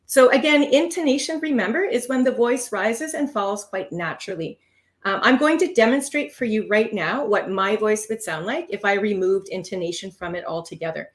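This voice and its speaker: A woman runs a live online lesson on test preparation. She explains patiently, speaks at a middle pitch and leans hard on the important words. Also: moderate pace. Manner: expressive, stresses key words, explains patiently. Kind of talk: live online teaching session.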